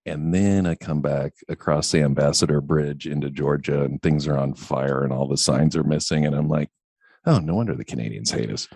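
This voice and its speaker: A man's voice: a bass voice, fairly quick, darkish tone, breathy edge, dry recording. A man from the Pacific Northwest with an accent from there, co-hosting a casual podcast with wry humor. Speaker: podcast co-host.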